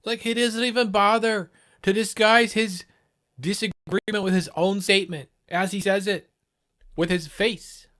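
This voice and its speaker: A man's voice: high voice, fairly even intonation, unhurried, pushed and bright. A man hosting a livestream who reacts to a clip with heated, sarcastic, profanity-filled commentary. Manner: heated, sarcastic, swears constantly.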